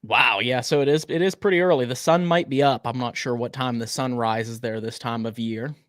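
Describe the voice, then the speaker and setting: A man's voice: medium pitch, normal speed, fairly bright tone, no room sound, clean studio sound. Chatty man greeting a live audience. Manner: chatty, greets viewers by name, stumbles over words. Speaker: livestream co-host. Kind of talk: casual live chat.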